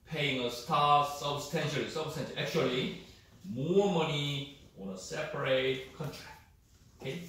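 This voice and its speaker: A man whose first language is Korean, lecturing a class on English usage in a halting way, repeating words and often checking with "okay?". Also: fairly high pitch, sharp tone. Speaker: university lecturer. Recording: echoey room, mic far off, faint noise.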